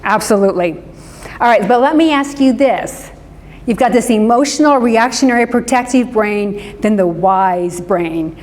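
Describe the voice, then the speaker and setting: A woman's voice: a little high, normal speed, darkish tone. A woman, giving a conversational talk to a live group and often checking in with "right?". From American Midwest. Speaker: speaker on forgiveness, counselor. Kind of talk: interactive lecture to a live group. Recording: long reverb of a hall.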